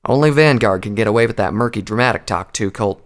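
A man's voice: on the low side, fast, natural voice. A man voicing a plainspoken, folksy earth pony mare in a storybook reading. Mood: earnest. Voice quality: folksy, plainspoken country talk.

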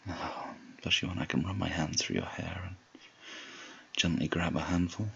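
A man in a whispered role-play, speaking in a slow, low murmur with a commanding, teasing manner. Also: steady tone, creaky, a bit bright, slightly rough, dull audio.

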